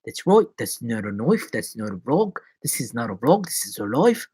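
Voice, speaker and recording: A young man talking to his viewers on a live stream, joking and wandering from one thought to the next. His voice sits at an ordinary middle pitch, and he swings from loud outbursts down to near-mumbles. The sound is dry and close, with no room around it. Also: sing-song, moderate pace, breathy edge, dry recording. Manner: jokey and rambling, swinging between loud bursts and low mumbles. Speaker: actor and vlogger. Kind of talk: casual rambling live-stream chat.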